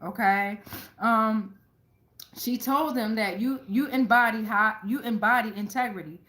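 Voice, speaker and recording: A woman giving a casual tarot reading to her viewers, talking excitably with lots of profanity, repeating phrases and checking in with "right?" again and again. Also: fairly high pitch, a little slow, roomy sound. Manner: profane, keeps asking "right?". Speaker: tarot reader.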